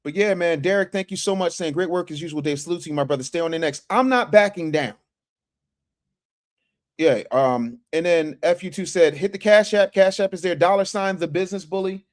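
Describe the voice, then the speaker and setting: A man with a high-pitched voice, talking a little quickly, hosts a laid-back livestream from his office, using slang with his chat and reading super chats aloud.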